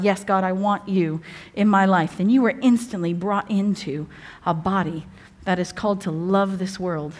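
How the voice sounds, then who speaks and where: A woman giving a sermon as a guest preacher, chatty and humorous, often breaking off to restart or joke. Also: medium pitch. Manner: chatty, humorous, self-interrupting. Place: church evening service.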